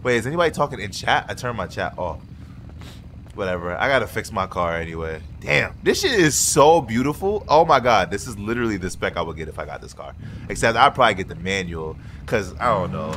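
Animated joking young man gaming. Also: on the low side, fairly quick, a little hiss or hum. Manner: loud, joking, animated trash talk. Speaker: gaming streamer. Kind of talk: casual gameplay chat with a friend.

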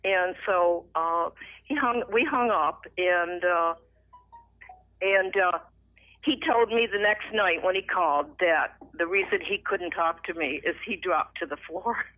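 A woman's voice: lowish voice, measured pace, no room sound. Middle-aged woman on a tinny phone line. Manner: emotional, animated retelling with lively acted quotes. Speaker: radio guest sharing a testimony. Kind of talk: personal faith testimony, storytelling.

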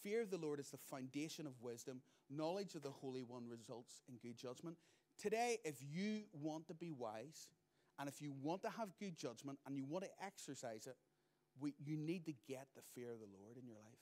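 A man in middle age preaching a sermon at an even, middle pitch. He drives points home with loud bursts and then drops to near-quiet asides. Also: moderate pace. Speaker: pastor.

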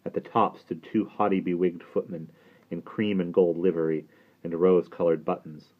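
A man reading a novel aloud in steady audiobook narration. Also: deep voice, moderate pace. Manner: steady storytelling. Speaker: audiobook reader. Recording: tinny phone-like sound.

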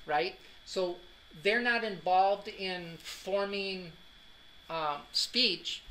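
A man's voice: sits high, pushed and bright, a little hiss or hum, rough recording. A man giving a classroom anatomy lecture, joking and quizzing students as he goes. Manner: joking, drills students with questions.

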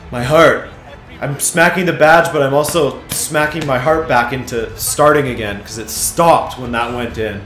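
Man, gaming commentary, excitable, hoarse voice, echoey room, faint music. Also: mid-range voice, unhurried. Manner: excitable, swings from mutters to shouts. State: losing his voice. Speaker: gaming YouTuber. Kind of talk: live game commentary.

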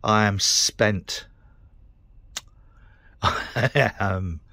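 A man's voice: on the low side, very slow, sharp tone, dry recording. A middle-aged man with a British accent, ranting to camera in a frustrated, sweary, rambling way. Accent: British English. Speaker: vlogger. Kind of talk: casual rant to camera.

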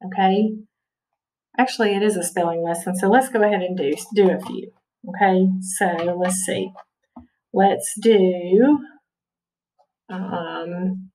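Slow-speaking woman teaching spelling. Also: mid-range voice, darkish tone, distant mic, poor audio. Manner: patient, repeats words and checks in with "okay?". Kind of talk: spelling lesson over slides.

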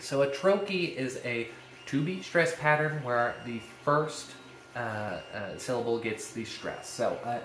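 A man's voice: mid-range voice, a bit bright. A man hosting a casual lesson on Shakespearean verse, playful and given to jokey asides. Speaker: video series host teaching Shakespeare verse. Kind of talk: casual educational talk. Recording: echoey room with faint ambient noise.

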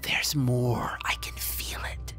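A man voicing an obsessed young woman who speaks in breathy, excited whispers in a horror story. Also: high-pitched, unhurried, soft background music, pitched above the performer's own voice. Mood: whispering.

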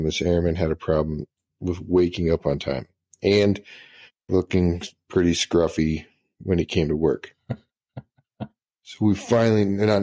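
A middle-aged man, retired as a senior master sergeant, tells profane anecdotes in a casual storytelling style, laughing as he goes. His voice is low and warm.

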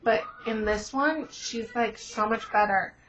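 A woman's voice: on the high side, measured pace, fairly bright tone, a little hiss or hum. A teenage girl vlogger rambling in casual chat, gushing with lots of fillers. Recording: dull lo-fi webcam audio.

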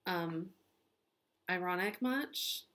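A woman's voice: lowish voice, extremely slow, bright, forceful tone. Chatty, sarcastic woman teacher. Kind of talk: gossipy literature recap.

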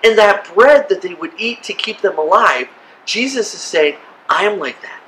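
A man giving an animated children's sermon as pastor, acting out silly voices and reactions. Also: sits high, moderate pace, a little hiss or hum, rough recording. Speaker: kids' pastor.

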